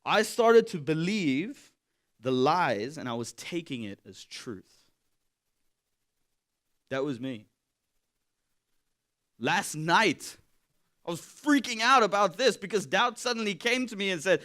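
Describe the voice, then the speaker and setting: A man giving a sermon in a candid, conversational way, swinging from loud to hushed. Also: sits high, very animated, takes it slowly, pauses often. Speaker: pastor.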